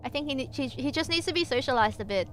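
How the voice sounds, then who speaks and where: A woman's voice: high-pitched, lively intonation, quick pace, slight background noise. A young woman streamer reading aloud and chatting with viewers, playful and giggly with lots of jokey asides. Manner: chats with viewers between passages. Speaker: VTuber streamer.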